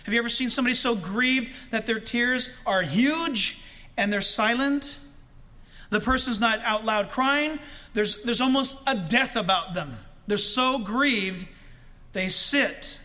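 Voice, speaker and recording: Man, pastor, sermon, very high voice, bright and forceful, slow drawn-out stresses. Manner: preaching with rising emphasis and slow, drawn-out stresses.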